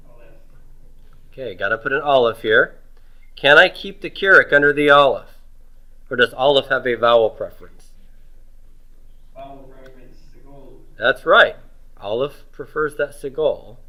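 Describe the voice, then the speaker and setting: Going over homework in a Hebrew grammar class, a middle-aged instructor asks and then answers his own questions, stretching out his words. He speaks at medium pitch with a bright, forceful tone, on poor-quality audio.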